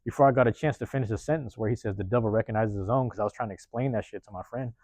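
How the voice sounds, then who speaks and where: A man hosting a podcast, telling a personal story in a rapid, profane, casual way and acting out the lines of the people in it. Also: on the low side, no room sound. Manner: profane, rapid, animated retelling with acted-out quotes. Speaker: podcast host.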